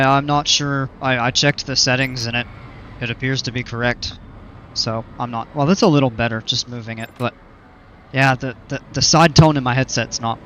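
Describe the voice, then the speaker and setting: A man's voice: medium pitch, a bit bright, dull audio, slight background noise. A man chatting casually on a live game stream through a headset, chuckling a lot and trailing off mid-sentence.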